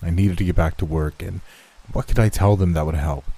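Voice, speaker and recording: A man narrates a horror story in a steady, measured scripted reading. His voice sits very low, with a dark, mellow tone. It has a slightly husky, breathy edge.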